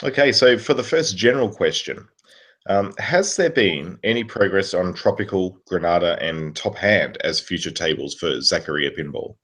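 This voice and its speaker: A man co-hosting a podcast with a very deep voice and a husky edge. He reads listener questions aloud in an easygoing, casual way. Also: animated, normal speed, fairly bright tone. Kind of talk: casual chat.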